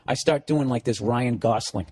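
A man, a comedian, telling a story as a profane, animated rant. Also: mid-range voice, moderate pace, breathy edge.

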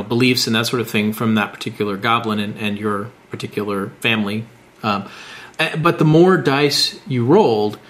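A man co-hosting a casual podcast, talking in a thoughtful, measured way about game rules. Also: mid-range voice, a bit bright. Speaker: podcast co-host. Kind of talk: casual podcast chat about tabletop games.

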